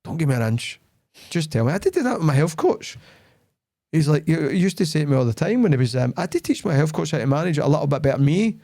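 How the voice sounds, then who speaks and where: On a dry, clean studio track, a fast-talking man with a voice on the high side hosts a casual podcast. His storytelling is animated and blunt, and he voices the dialogue himself as he goes.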